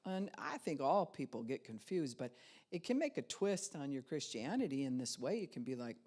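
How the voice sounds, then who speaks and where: This is a very animated woman pastor preaching conversationally at a moderate pace. She addresses listeners head-on, acting out quoted thoughts through swings in pitch and loudness.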